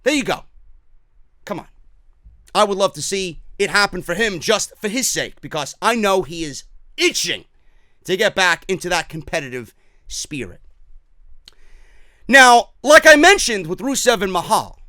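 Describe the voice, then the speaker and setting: A man's voice: high-pitched, sing-song, a little slow, pauses often, pushed and bright, no room sound. A man with a New York accent hosting a wrestling talk show, giving blunt, profane, emphatic opinions in casual commentary.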